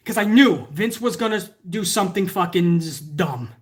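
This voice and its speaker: A woman giving a casual, sarcastic and profane wrestling review, now and then acting out fans in shouted voices. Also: on the low side, animated, moderate pace, hardly any pauses. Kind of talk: casual ranting commentary.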